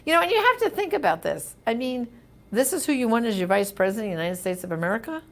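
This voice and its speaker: A woman's voice: fairly high pitch, very animated, quick pace. A woman hosting a live question-and-answer show, reading viewer comments and answering in an emphatic, indignant, chatty way.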